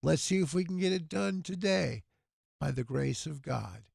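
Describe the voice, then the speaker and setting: A man hosting a livestream telethon, earnest and preachy, speaking with a hoarse, tired voice. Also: fairly high pitch, lively intonation, normal speed, darkish tone, dry recording, studio quality. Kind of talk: casual livestream talk with prayer.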